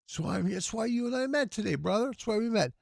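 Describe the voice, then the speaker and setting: Gravelly tired man hosting a livestream. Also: high-pitched, expressive, fast talker, no room sound, clean studio sound. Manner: earnest, preachy, gravelly. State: hoarse, tired voice. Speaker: livestream telethon host. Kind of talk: casual livestream talk with prayer.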